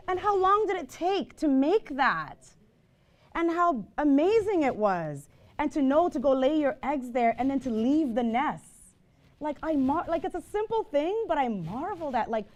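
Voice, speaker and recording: A woman teaching the Bible to a live group. She tells digressive stories and puts questions to her listeners. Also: high-pitched. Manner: chatty, digressive storytelling, asks the audience questions.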